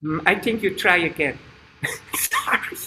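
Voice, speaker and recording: A man teaching a live online kids' yoga class over a video call, speaking in a slow, halting way with stops and restarts. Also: sits high, lively intonation, sharp tone. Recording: echoey room, faint background noise.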